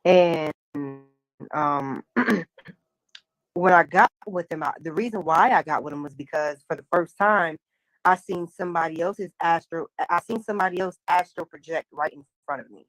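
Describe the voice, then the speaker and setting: A woman casually telling a long personal spiritual story, animated, full of slang and acted-out dialogue. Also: fairly low pitch, normal speed, no room sound, poor audio.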